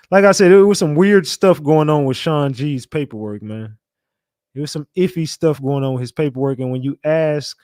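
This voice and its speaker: A man hosting a call-in stream, talking bluntly with frequent swearing and thinking out loud. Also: fairly high pitch, dry recording, clean studio sound. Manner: blunt, profane, thinks aloud. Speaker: show host. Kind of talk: casual live-stream talk with callers.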